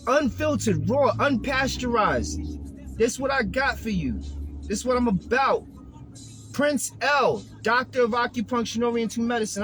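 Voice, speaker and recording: A man's voice: extremely high pitch, lively intonation, a little slow, fairly bright tone, soft background music, low-quality recording. A man with a Brooklyn New York accent delivering a profane, streetwise motivational rant from inside his car. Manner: profane, streetwise, hyped-up preaching. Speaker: vlogger.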